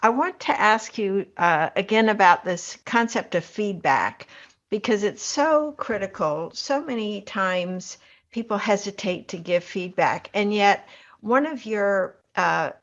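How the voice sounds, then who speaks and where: A woman podcast host asking thoughtful interview questions in a measured way. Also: mid-range voice, expressive, fairly bright tone. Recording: dull lo-fi sound.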